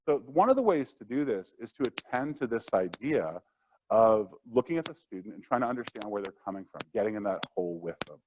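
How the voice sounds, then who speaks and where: A man presenting a workshop lecture in a conversational way, acting out quotes, with steady noise behind. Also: fairly low pitch, a little fast, rough recording.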